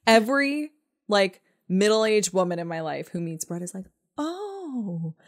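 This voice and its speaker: A young woman co-hosts a podcast in easy, casual chat. She laughs often and acts out quoted lines with playful voices. Her voice sits at an ordinary middle pitch. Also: lively intonation, normal speed. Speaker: podcast co-host. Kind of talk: casual chat recapping a TV episode.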